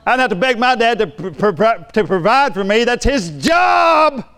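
A man preaching a sermon in a church, joking with the congregation and building to emphatic, shouted lines. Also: sits high, fairly quick.

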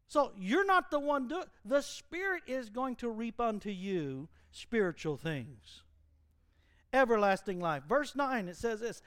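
A middle-aged male pastor preaching an animated sermon in a church, mimicking fiery preachers and laughing at his own jokes. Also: very high voice, unhurried, no echo, clean studio sound.

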